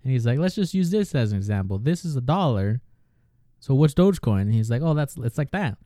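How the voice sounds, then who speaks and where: Laid-back male co-host with a mellow voice and lively pitch, dry recording. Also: fairly quick, no room sound. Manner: laid-back, laughs a lot, retells skits with quoted lines. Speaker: podcast co-host. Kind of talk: casual chat.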